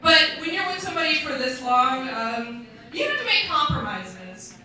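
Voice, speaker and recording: A woman's voice: high voice, very animated, normal speed, sharp tone. A woman in her thirties performing a stand-up comedy set on a club stage, delivering brash, crude, self-mocking punchlines. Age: 30s. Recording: echoey club room, mic from far off. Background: audience laughter.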